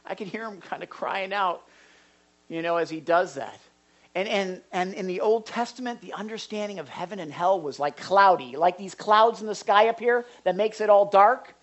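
An older man preaching as a pastor in a conversational sermon, acting out little dialogues and swinging between loud and hushed delivery. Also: high voice, moderate pace.

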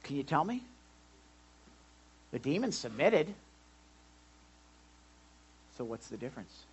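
Lively pastor guy preaching, bouncy pitch, kinda husky, gets loud then quiet. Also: slow, poor audio. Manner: animated, swings from loud to hushed, asks the congregation questions. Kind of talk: sermon.

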